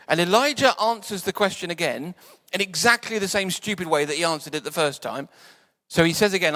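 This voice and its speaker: A man preaching a sermon in a church, conversational and playful, sometimes dropping to soft quiet tones. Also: high-pitched, lively intonation, brisk, few pauses. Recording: church hall reverb.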